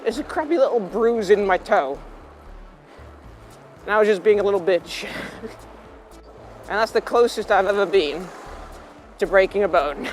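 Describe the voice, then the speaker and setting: A young man telling rambling, self-mocking stories to camera, laughing often and drifting into tangents. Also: high voice. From England. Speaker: vlogger. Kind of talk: rambling casual storytelling.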